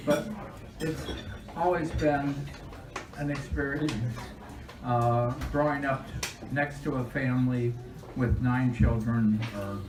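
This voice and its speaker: An older man, a longtime neighbor, slowly reminiscing in a speech at a family party. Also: medium pitch. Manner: slow, halting, wry. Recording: echoey room from far off. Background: crowd chatter.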